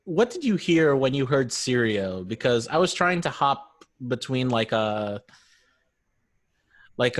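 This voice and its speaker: A man hosting a relaxed podcast chat, talking at an unhurried, drawn-out pace. He jokes about himself easily and keeps the conversation loose. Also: medium pitch. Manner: joking, self-deprecating, quick laughs. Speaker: podcast host and dungeon master.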